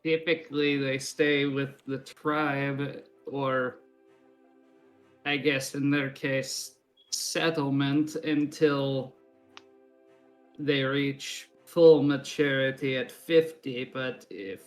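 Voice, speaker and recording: A man's voice: medium pitch, little pitch movement, very slow, faint music behind. A man playing in a tabletop game, talking casually and hesitantly. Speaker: player.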